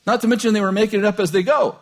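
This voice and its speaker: A man preaching an informal sermon in a conversational way, joking and chuckling often, swinging between loud bursts and low asides. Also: steady tone, rapid-fire, a little hiss or hum.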